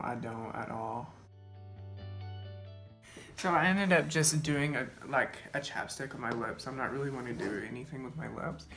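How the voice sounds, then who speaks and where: Chatty young man with a gravelly voice. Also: medium pitch, a bit bright. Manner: chatty and rambling, with many fillers of "like". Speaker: beauty vlogger. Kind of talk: casual get-ready-with-me chat while doing makeup. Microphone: camera mic, seated in front of the camera. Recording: echoey room with faint music.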